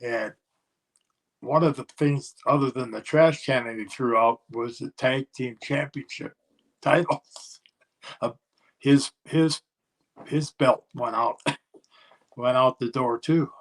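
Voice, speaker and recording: An older man, a former pro wrestler, telling a road story in a casual interview and acting out other people's yelling. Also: mid-range voice, slow pace, long pauses. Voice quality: gravelly, husky.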